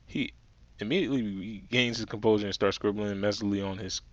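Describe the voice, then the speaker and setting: Low-voiced man reading a game casually. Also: fairly even intonation, fairly quick, no echo, highs cut off, soft background music. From New Jersey. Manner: casual, jokey, stumbles over words. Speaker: let's play streamer reading a visual novel. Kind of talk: reading game text aloud with asides.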